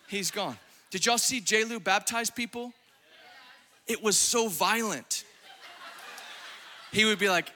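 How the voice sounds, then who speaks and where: A man preaching a fiery, exuberant sermon, at times shouting and laughing. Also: high voice. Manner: acts out quoted voices in his preaching.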